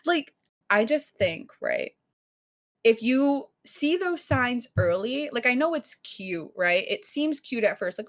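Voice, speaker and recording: Animated young woman telling a story. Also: medium pitch, measured pace. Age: young adult. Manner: animated storytelling, heavy filler "like", frequent cursing; acts out quoted lines in raised louder voice. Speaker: podcast co-host. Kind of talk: casual podcast chat.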